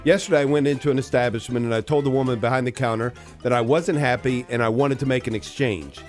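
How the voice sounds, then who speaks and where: A man's voice: medium pitch, steady tone, fast, soft background music. Chuckling joke-telling radio co-host, man. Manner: chuckling often, joking, playful. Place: radio studio.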